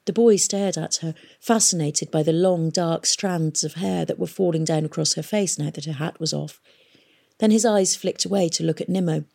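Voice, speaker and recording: A woman reading a novel aloud in a steady, measured storytelling manner. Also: deep voice, vocal fry. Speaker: audiobook reader. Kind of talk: audiobook narration.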